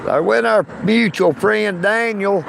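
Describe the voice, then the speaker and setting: Slow-drawling Southern man, high voice. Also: gravelly, noisy background. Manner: greets chat viewers by name in an easygoing drawl. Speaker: livestreamer. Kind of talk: casual live stream chat. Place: inside a car.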